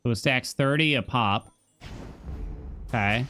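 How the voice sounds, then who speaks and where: Man, game streamer, casual commentary, slow talker, chatty, faint background music. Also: mid-range voice, sharp tone. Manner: laid-back, chatty, addresses chat, hums along.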